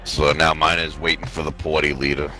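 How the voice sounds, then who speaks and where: A man's voice: very deep voice, level tone, fairly quick, bright, forceful tone, soft background music, low-quality recording. A man with a Queens, New York accent, talking bluntly and swearing freely in casual chat while gaming on a headset. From Queens, New York, USA. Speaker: gamer.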